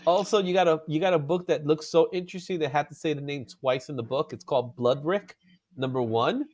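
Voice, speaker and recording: A man hosting a casual comic book chat, animated and laughing often, drawing out his exclamations. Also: a little high, a little fast. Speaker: comic book show host.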